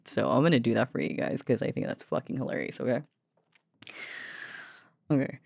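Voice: medium pitch, sing-song, quick pace, creaky, no room sound, clean studio sound. A vlogger talking casually about voice practice, rambling, swearing and laughing at themselves. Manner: rambling, profane, self-mocking, laughs a lot. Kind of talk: casual voice-training vlog.

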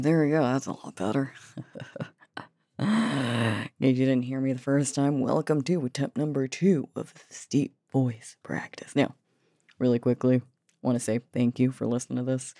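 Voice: medium pitch, moderate pace, mellow, no room sound, clean studio sound. A vlogger talking casually about voice practice, rambling, swearing and laughing at themselves. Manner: rambling, profane, self-mocking, laughs a lot. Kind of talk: casual voice-training vlog.

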